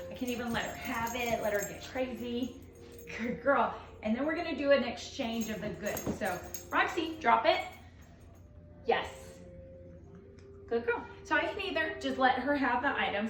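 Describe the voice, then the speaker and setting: Captured on a distant mic in an echoey room, a fairly high-pitched woman talks through a dog training demo as she plays. She's a trainer who alternates between firm commands and excited praise.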